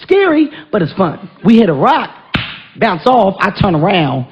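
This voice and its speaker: A man doing stand-up comedy, telling a story with an animated, punchy delivery and shouted punchlines. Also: high voice, moderate pace. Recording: dull, noisy live stage recording.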